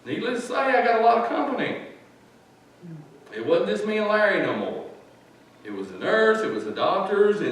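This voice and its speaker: A man's voice: sits high, big pitch swings, normal speed, pauses often. A male pastor preaching a sermon in a plain-spoken, folksy storytelling way. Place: church sanctuary. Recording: echoey church from far off.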